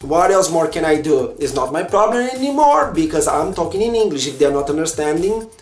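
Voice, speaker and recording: A man's voice: fairly high pitch, sing-song, a little fast. A young Brazilian man whose first language is Portuguese talks earnestly to camera in a chatty vlog, with a Brazilian Portuguese accent. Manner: earnest and chatty, simple non-native phrasing. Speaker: vlogger. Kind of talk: casual talk to camera. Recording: echoey room with faint music.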